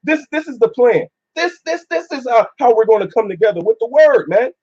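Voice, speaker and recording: A man's voice: very high voice, animated, a little fast, darkish tone. A man teaching scripture in casual talk among a few men, filling his speech with "uh" and "man". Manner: preachy, filler-heavy, repeats "man". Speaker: group teacher. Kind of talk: casual religious discussion. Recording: dull lo-fi recording.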